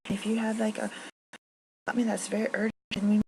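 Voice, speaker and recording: A woman mocking a smug office administrator in a high, sing-song voice. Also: flat delivery, fairly quick, vocal fry, darkish tone, a little hiss or hum, natural voice, poor audio.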